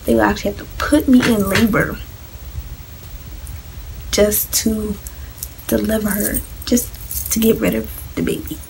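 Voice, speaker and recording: A teenage girl telling her own story in a vlog, soft-spoken and emotional, often dropping to a near-whisper. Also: medium pitch, steady tone, unhurried, vocal fry, long pauses, background noise. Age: teens. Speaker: vlogger.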